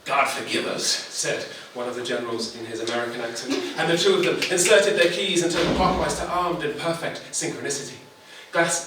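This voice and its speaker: At a poetry slam, a man with a slightly high voice performs comic spoken-word poetry with dramatic, wry theatricality. He's recorded from a distance in a noisy, echoey live venue.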